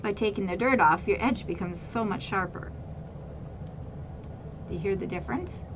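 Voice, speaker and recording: A woman's voice: mid-range voice, moderate pace, slight background noise. A woman hosting a casual craft tutorial, explaining step by step in a chatty way with frequent repeats and fillers. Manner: chatty, repeats words, addresses viewers as guys. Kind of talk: casual how-to demonstration.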